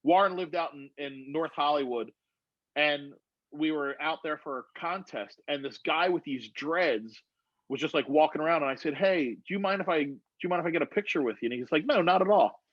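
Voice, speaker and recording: A man's voice: a little high, brisk, no echo, lo-fi sound. A man telling a rambling, profane story in casual chat over a video call on his phone. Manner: rambling, profane, animated retelling. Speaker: guest storyteller.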